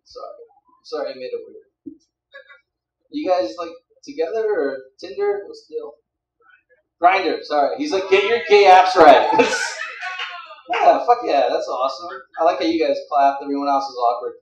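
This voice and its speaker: A young man doing stand-up in a club, rambling and teasing the crowd in a fairly high voice. The sound is roomy and distant, caught from out in the room. He works a handheld stage mic. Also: sing-song, moderate pace, long pauses, muffled recording, noisy background. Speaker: stand-up comedian. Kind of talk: stand-up comedy.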